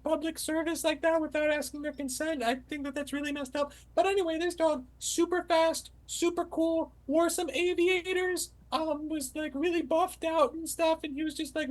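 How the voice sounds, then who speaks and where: A woman's voice: high voice, fairly even intonation, normal speed, hardly any pauses, rough recording. A woman player telling a rambling, goofy story in character at a tabletop game. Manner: rambling, goofy comedic delivery.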